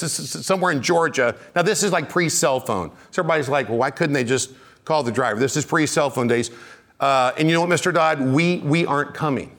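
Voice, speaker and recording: Middle-aged male preacher, lively sermon storyteller, slightly high-pitched. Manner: animated, rising to near shouts when excited. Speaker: pastor.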